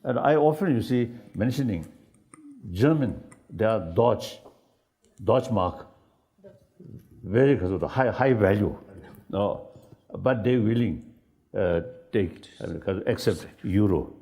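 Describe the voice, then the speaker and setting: An older man who is not an English speaker, talking in a halting, searching way with many fillers and ready laughs. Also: lowish voice. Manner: laughs easily, animated. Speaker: spiritual leader in dialogue. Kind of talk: unscripted dialogue.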